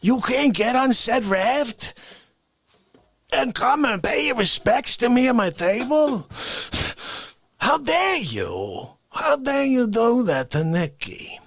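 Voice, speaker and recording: A man voicing a brash, mob-style New Yorker who loudly demands respect, with a New York accent and drawn-out indignation. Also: very high-pitched, sing-song, vocal fry, no room sound, exaggerated voice. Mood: indignant. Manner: indignant, loud, drawn-out outrage. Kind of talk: comedic character bit.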